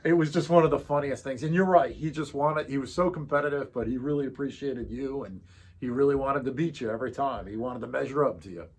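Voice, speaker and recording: A man co-hosting a casual vlog chat, relaxed as he reminisces about a coworker. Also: medium pitch, fast talker, breathy edge. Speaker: co-host.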